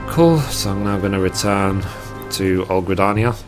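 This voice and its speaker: A man with a very low voice talks through a game walkthrough, thinking aloud in a casual way and reading out quest text. Faint game music plays behind his voice. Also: moderate pace. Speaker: gaming guide creator.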